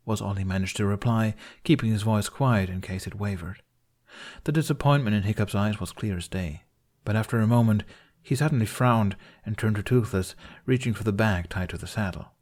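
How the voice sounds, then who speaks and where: A man with a lowish voice narrates a story chapter in an audiobook style. His delivery is calm and measured. He keeps an even, storytelling pace. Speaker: fan fiction reader.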